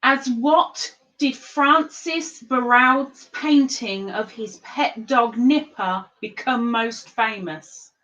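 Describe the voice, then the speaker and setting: A woman's voice: on the high side, slow pace, few pauses, fairly bright tone, dull audio. A woman hosting an online trivia board game on her stream, chatting to viewers and sometimes talking with her mouth full. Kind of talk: casual live-stream chat.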